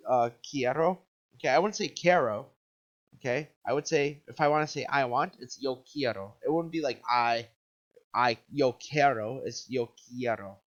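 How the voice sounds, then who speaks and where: Upbeat man teaching in a lo-fi lesson. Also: medium pitch. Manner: upbeat, says "okay?" often, quizzes the viewer. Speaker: Spanish teacher. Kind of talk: classroom video lesson. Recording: dull lo-fi recording.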